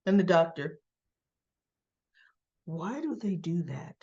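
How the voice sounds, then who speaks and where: A woman's voice: lowish voice, slow pace, muffled recording. Chatty woman recapping a soap episode. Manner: chatty, animated, acts out the characters' lines. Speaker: soap opera reviewer.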